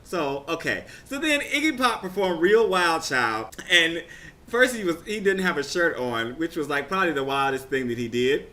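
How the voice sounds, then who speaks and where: A man casually recapping a TV results show, chatty and excitable, rambling with frequent restarts. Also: fairly high pitch, unhurried.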